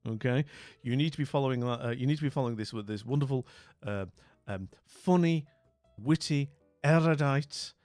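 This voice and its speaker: Chatting casually with his live viewers, a British man speaks at a moderate pace in a medium-pitched, slightly mellow voice. His talk rambles and often trails into mumbling. The dry, close recording has no echo and faint music.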